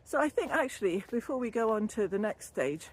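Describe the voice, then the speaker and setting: Her voice sits on the high side, very animated, brisk, and slightly rough, as this older wellbeing vlogger, once a yoga teacher trainee, chats on a canal-side walk. A bit breathless from walking, she rambles and laughs readily about wellbeing in a casual vlog style. There's no separate microphone, just the camera's or phone's own.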